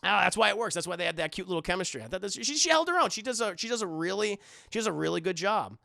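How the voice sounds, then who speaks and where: A young adult man reviewing a film for a live stream chat, animated and rambling, swearing often. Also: sits high, racing, vocal fry, no room sound, studio quality.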